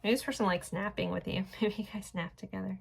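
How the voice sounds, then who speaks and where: A woman's voice: medium pitch, fairly even intonation, quick pace, gravelly, slightly rough, faint music behind. A woman in her forties giving a casual pick-a-card tarot reading, rambling and chatty with lots of filler words. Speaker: tarot reader.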